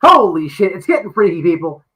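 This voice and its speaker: A man hosting a show, reacting to clips with excitable, profane commentary. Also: high-pitched, fairly quick, breathy edge, rough recording. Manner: excitable, crude, exclaiming.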